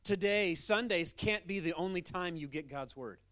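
A man who is a pastor, preaching a sermon in an animated, emphatic, conversational way. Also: high-pitched, moderate pace, dry recording, studio quality.

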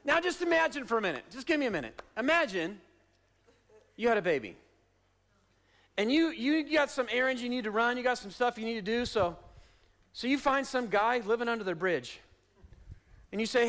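Man, pastor, high voice, sermon, repeated refrains, soft-to-loud swings. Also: lively intonation, normal speed, pauses often. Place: church sanctuary.

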